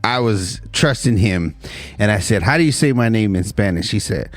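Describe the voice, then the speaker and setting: A man spinning a story for his friends on a podcast, his pitch rising and falling a lot as he talks. His manner is animated, and he laughs between lines. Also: moderate pace. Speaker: podcast co-host. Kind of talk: casual storytelling among friends.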